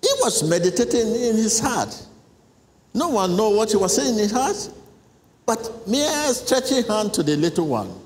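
A man's voice: sits high, sing-song, moderate pace, a little mellow. A man preaching a sermon in a large church, emphatic and repetitive, guiding a congregation in prayer. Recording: echoey hall with faint noise.

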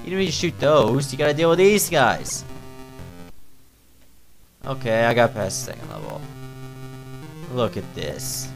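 A man's voice: medium pitch, very animated, measured pace, gravelly, long pauses, soft background music, poor audio. A man reviewing a video game with crude, sarcastic, mocking commentary. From Newfoundland, Canada.

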